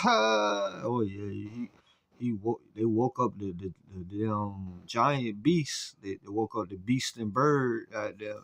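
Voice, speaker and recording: A man reacts to a basketball clip, cursing and talking in excitable slang. His voice is low-pitched. The recording is dry and close, with no room sound around it. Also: takes it slowly, creaky, dry recording. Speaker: reaction video host. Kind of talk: casual reaction commentary.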